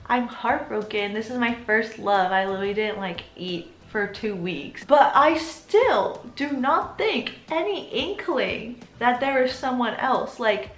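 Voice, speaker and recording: A young woman in her twenties with a slightly high voice tells a personal story in a casual, chatty way. She keeps dropping in filler words as she retells what happened. Her voice carries some echo from the room. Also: expressive, unhurried, hardly any pauses. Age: 20s. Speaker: vlogger. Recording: roomy echo.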